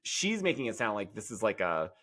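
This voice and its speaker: A man co-hosting a podcast in casual gossip chat, sassy and animated with quick comic asides. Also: lowish voice. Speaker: podcast co-host.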